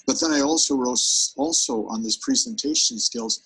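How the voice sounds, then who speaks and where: Gravelly, husky male seminar trainer. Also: sits high, normal speed, poor audio. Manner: energetic, demonstrative, speaks straight to the audience. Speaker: sales presentation trainer. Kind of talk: live seminar talk.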